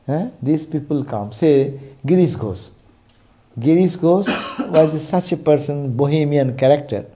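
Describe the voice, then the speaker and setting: A man's voice: fairly high pitch, animated, measured pace, mellow. A man giving a spiritual sermon, telling stories and checking in with rhetorical asides. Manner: storytelling, frequent rhetorical "eh?". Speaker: spiritual teacher.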